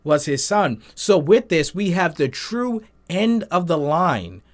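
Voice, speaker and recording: Male host, casual animated review chat, slightly high-pitched. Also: slow. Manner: animated, opinionated recapping with frequent "um". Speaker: reaction channel host.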